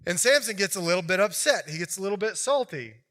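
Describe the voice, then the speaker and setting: A male pastor preaching a sermon in a conversational, animated storytelling way. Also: sits high, quick pace.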